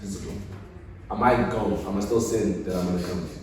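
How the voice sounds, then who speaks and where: A man, a guest on a podcast, telling stories in casual chat and swinging from quiet to loud as he goes. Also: sits low, a little fast, recorded from a distance. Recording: echoey room, speaker off-mic.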